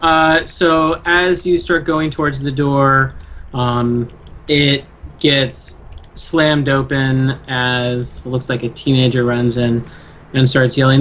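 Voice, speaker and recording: A man narrating as game master of an online tabletop session, unhurried and full of ums and uhs. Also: medium pitch. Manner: relaxed, hesitant narration with many fillers.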